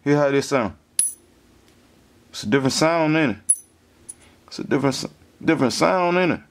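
A man in a casual vlog monologue, slangy and profane, giving shout-outs and business advice. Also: fairly high pitch, moderate pace. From the Carolinas. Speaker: vlogger starting a business.

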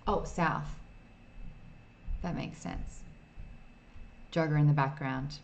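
A woman's voice: sits low, steady tone, slow, gravelly, a little hiss or hum. A woman streaming an old computer game in casual, self-mocking commentary, reading game text aloud as she plays.

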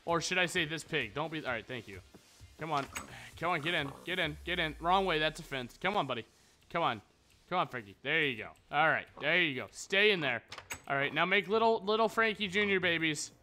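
A young gaming YouTuber rambles and cracks crude jokes while narrating his own Minecraft let's play over background music. His voice is on the high side, brisk, pushed and bright, with lively intonation.

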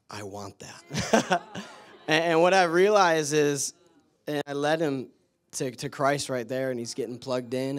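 A man with a slightly higher voice preaches in church. He laughs often as he tells his stories, then turns to fervent prayer. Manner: laughs often, excited storytelling. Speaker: guest preacher. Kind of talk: sermon storytelling and prayer.

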